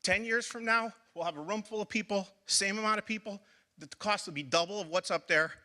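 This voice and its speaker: A man speaking up at a public forum, his voice high and strikingly bright and sharp. He argues with passion and drives his points home by repeating them. He addresses a room full of residents. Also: a little fast. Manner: impassioned, repeats phrases for emphasis. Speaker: school building committee member. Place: public meeting hall.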